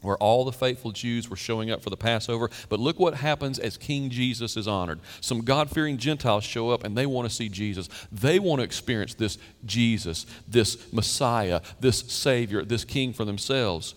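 A male pastor preaching a sermon in a conversational way, with sudden emphatic rises and quiet drops. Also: medium pitch, moderate pace, few pauses. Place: church sanctuary. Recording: long church hall reverb.

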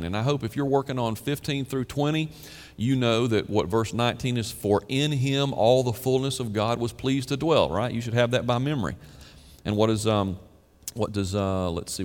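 Man, pastor, earnest sermon, scripture reading, mid-pitched voice, long hall reverb. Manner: earnest preaching, reading scripture aloud with emphasis.

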